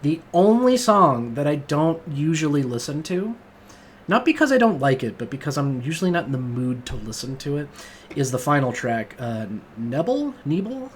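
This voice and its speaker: A man's voice: on the high side, animated, normal speed, slight background noise. A man hosting a casual music review monologue, rambling and enthusiastic, with lots of fillers and swearing. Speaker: music podcast host.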